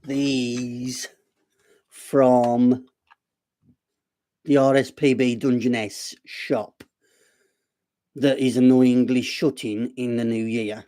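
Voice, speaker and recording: Slow, dark-voiced Black Country man. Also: medium pitch, little pitch movement. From Black Country, West Midlands. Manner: rambling, apologetic, self-deprecating. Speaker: live stream host. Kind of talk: casual live stream chat.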